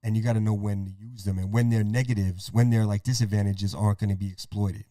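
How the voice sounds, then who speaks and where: A man's voice: lowish voice, no room sound, clean studio sound. Man calling a game play-by-play. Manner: rapid game calling, profane, excitable. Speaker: podcast host. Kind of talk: casual play-by-play over a game.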